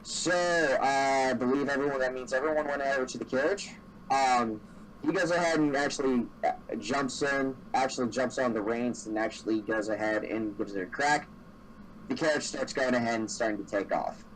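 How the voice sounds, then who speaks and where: A man's voice: medium pitch, moderate pace, recorded from a distance, slight background noise, rough recording. Rambling male dungeon master. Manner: rambling, with many fillers. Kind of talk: narrating a tabletop game.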